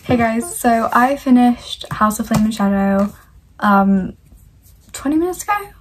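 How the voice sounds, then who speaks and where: A young woman chatting casually in a reading vlog, gushing and excitable, full of "like" fillers. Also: a little high, a little slow, music in the background, low-quality recording. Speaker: book vlogger.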